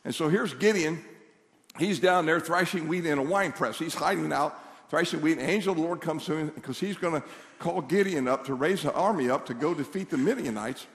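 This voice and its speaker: A male pastor preaching a sermon in a church, animated, with call-and-response to the congregation. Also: a little high, brisk. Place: church sanctuary. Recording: long reverb of a large hall.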